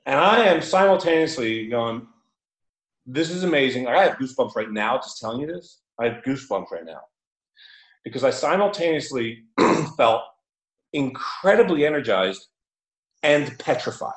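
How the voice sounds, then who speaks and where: A man telling a story in an animated, chatty way, laughing often and using many fillers. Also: medium pitch, normal speed. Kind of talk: casual storytelling. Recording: roomy echo.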